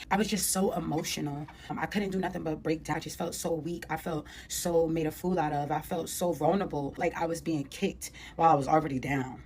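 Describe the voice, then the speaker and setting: A woman's voice: deep voice, darkish tone, a little hiss or hum. A woman vlogger telling a personal story in casual, emotional slang. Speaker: commentary vlogger. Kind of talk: storytime vlog.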